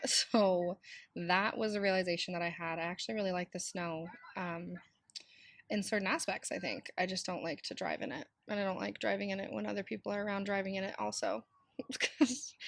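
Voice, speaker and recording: Raspy-voiced woman in her thirties, chatting. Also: mid-range voice, fairly bright tone, no echo. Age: 30s. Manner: chatty and candid, full of fillers and laughs. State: raspy from a cold. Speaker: podcast host. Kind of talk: casual solo podcast chat.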